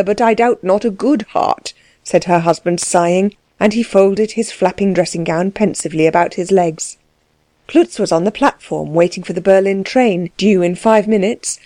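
A woman reading a novel aloud as narrator, with steady, measured storytelling. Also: lowish voice, dry recording, clean studio sound. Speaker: audiobook narrator. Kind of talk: scripted narration.

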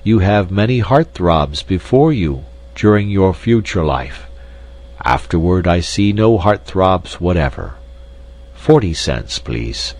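A man voicing a sleepy male fortune-teller animal in a storybook reading, slow and deadpan. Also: low voice, exaggerated voice. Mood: drowsy.

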